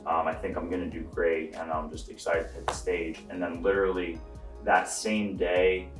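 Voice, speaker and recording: In an echoey room with faint music behind him, a young bodybuilder answers viewer questions in a casual vlog update. His low voice comes from off the mic at a distance, moving at a moderate pace as he explains things in a relaxed way, with lots of fillers.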